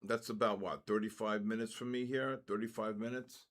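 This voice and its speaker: A man's voice: fairly low pitch, steady tone, moderate pace, a bit bright. A man in his early sixties hosting a live trading stream, chatting loosely with viewers and jumping between stories and market calls. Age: 60s. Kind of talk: casual live-stream chat.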